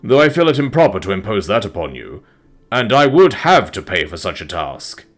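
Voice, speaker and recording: A man voicing a kind, motherly female dragon who speaks politely and teases gently in a storybook reading. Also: fairly low pitch, very animated, normal speed. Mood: fond teasing. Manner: polite, wistful, playful.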